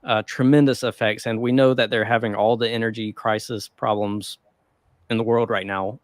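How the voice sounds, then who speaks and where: A man's voice: on the low side, flat delivery, moderate pace, no echo, clean studio sound. A man co-hosting a casual podcast, rambling loosely with lots of fillers and frequent chuckles. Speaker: podcast co-host. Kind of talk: casual chat about the stock market.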